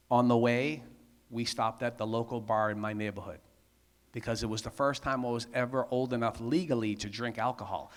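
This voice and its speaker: A man's voice: mid-range voice, fairly bright tone, big-room sound. Candid man giving testimony. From Massachusetts. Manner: candid, conversational, lots of "right?" asides. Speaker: speaker at a men's conference. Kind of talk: personal testimony talk.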